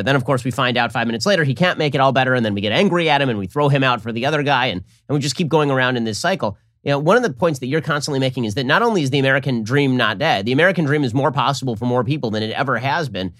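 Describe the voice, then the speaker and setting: Fast-talking male interviewer. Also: mid-range voice, expressive, a bit bright, no room sound, clean studio sound. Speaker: interviewer and show host. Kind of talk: interview, host questions.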